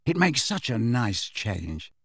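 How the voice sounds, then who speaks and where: A man voicing a mischievous teenage boy with a cheeky, quick way of talking. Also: mid-range voice, big pitch swings, slightly rough, no room sound, clean studio sound, heavily acted.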